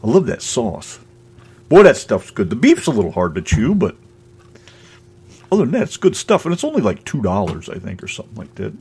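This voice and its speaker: A man's voice: mid-range voice, huge pitch swings, moderate pace, pauses often, darkish tone, breathy edge. A man hosting a casual radio show, chatting in a rambling way and laughing often. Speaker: host.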